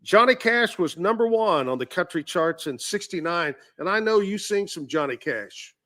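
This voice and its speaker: A man's voice: high-pitched, expressive, moderate pace, bright, forceful tone. A man hosting a radio show, chatting casually and laughing often. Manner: chatty, laughs often, reads off music history notes. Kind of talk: casual on-air chat.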